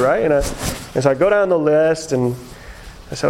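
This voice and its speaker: A man telling his own testimony in a chatty, animated way, with many fillers and laughs. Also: fairly high pitch, a little fast, long pauses, a little hiss or hum, low-quality recording. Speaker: speaker sharing his testimony. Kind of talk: storytelling testimony talk.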